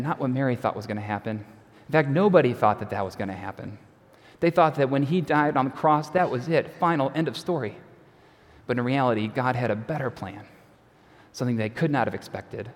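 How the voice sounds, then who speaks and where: A male pastor preaches in a relaxed, conversational way, mixing dry humor with quiet, trailing phrase endings. His voice sits at a middle pitch. Long reverb from a large church sanctuary follows his words. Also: brisk. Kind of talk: sermon.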